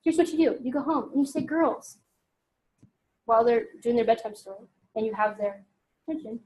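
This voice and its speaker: A woman's voice: a little high, brisk, long pauses. A woman giving a talk to a group, acting out dialogue and asking the audience questions. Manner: animated, acts out dialogue, asks audience questions.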